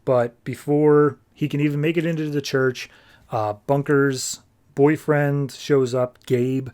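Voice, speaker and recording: A man hosting a podcast, casually reviewing and recapping comics in a chatty, filler-heavy way, slipping into quick offhand character voices. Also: mid-range voice, steady tone, a little mellow, clean tone.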